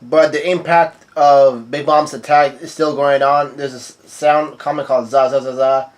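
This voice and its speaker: A man's voice: medium pitch, steady tone, normal speed. A young man casually recapping a manga chapter page by page, rambling with lots of fillers and restarts. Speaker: manga reviewer.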